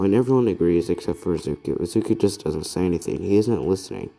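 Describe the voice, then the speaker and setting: A young man with a deep, dark voice improvising a fan story. He speaks softly and rambles, stopping often to correct himself. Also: quick pace, gravelly, hardly any pauses. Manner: rambling, self-correcting, soft-spoken. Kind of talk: improvised fan-fiction narration.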